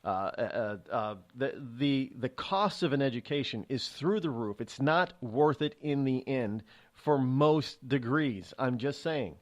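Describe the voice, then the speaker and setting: Here a middle-aged man talks a little slowly, his pitch medium, while hosting a radio talk show. His monologue is opinionated and sarcastic, and he animatedly acts out the quoted voices of other people.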